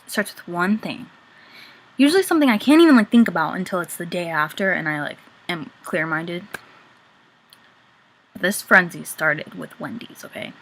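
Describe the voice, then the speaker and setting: A woman's voice: on the low side, fairly bright tone. A young woman talking casually to the camera, confessing her feelings with many filler words and now and then dropping to a whisper. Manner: chatty, many "like" fillers, drops to a whisper at times. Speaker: vlogger.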